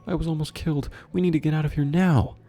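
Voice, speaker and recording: Man putting on a frantic young woman in a horror story, shrieking high above his own voice. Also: fairly even intonation, quick pace, mellow, faint music behind. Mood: desperate. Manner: shrill panicked shrieking. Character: terrified young woman fleeing a killer clown.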